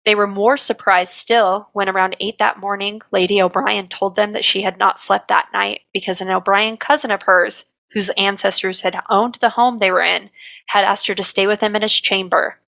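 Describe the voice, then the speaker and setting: A woman with a gravelly, creaky edge to her voice and a bright, forceful tone, telling a history story on a podcast. She reads steadily, in a storyteller's manner, at a middling pitch for a woman. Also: steady tone, moderate pace. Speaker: podcast co-host. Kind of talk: reading a history segment.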